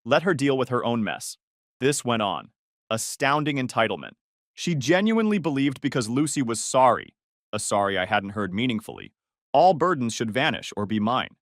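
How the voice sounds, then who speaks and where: A man's voice: medium pitch, big pitch swings, normal speed, no echo. A man narrating a first-person story in a dry, sarcastic manner.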